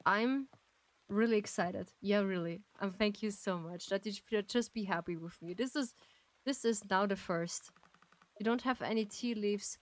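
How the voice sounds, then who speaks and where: In a casual gaming live stream, a woman with a medium-pitched voice giggles frequently and gushes thanks to her chat. There's no echo, though the recording quality is low.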